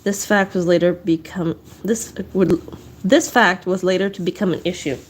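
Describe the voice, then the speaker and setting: A woman's voice: on the low side, steady tone, normal speed, husky. Breathless woman reading local history aloud. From southwest Nova Scotia. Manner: reads with restarts and dry asides. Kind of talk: casual read-aloud narration.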